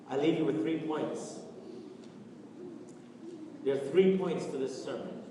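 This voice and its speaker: A pastor preaching a sermon, with rising, sing-song emphasis and lots of repetition, recorded in a church. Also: male voice, fairly high pitch, a little slow, pauses often, noisy background. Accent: Canadian. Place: church sanctuary. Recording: echoey hall from far off.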